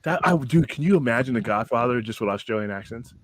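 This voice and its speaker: A man's voice: mid-range voice, expressive, quick pace. A man hosting a casual live stream, joking, rambling and laughing often. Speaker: host.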